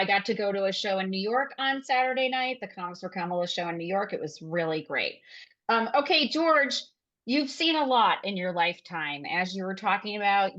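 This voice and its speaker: A woman hosts a podcast interview over a video call, upbeat and encouraging as she asks questions. Her voice has a middle pitch, and the audio comes through a bit dull and lo-fi. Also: a bit bright. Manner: upbeat, laughing along, encouraging. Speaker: podcast host. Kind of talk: interviewing a guest.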